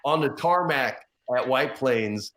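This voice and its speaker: A man's voice: medium pitch, takes it slowly, background noise. A man in his forties telling profane backstage stories in casual chat, acting out the other people's lines. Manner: animated, profane anecdotes, acts out others' lines. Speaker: podcast guest. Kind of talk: casual storytelling.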